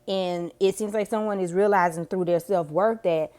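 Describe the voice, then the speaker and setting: A woman's voice: on the low side, fairly even intonation, normal speed, warm tone. A woman giving a casual tarot reading to camera, chatty, slangy and freely profane. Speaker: tarot reader.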